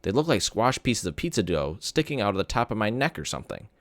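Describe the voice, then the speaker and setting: Lively man reading a novel aloud. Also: on the low side, fast talker, dry recording. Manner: animated storytelling. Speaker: teacher reading to students. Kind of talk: expressive read-aloud of a novel.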